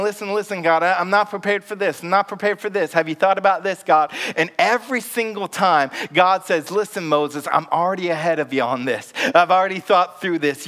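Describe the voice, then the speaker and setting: A young man preaching a casual, humorous sermon, acting out quick voices for biblical figures. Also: high-pitched, fairly bright tone. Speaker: pastor.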